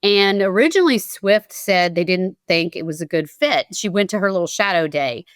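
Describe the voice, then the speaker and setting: A woman in her forties tells her story as a podcast guest, her voice smooth and a little low. She speaks in an animated, emotional way and restarts her sentences as feelings rise. The sound is close and dry. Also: normal speed, no room sound. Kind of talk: conversational storytelling.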